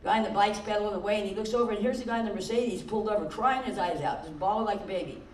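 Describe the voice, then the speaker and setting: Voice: mid-range voice, rapid-fire, slight background noise. Older comic joking in an echoey hall. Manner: self-deprecating, admits nerves, laughs at own punchlines. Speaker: talent show contestant. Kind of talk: stand-up joke telling. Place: senior center hall. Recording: echoey hall, mic far off.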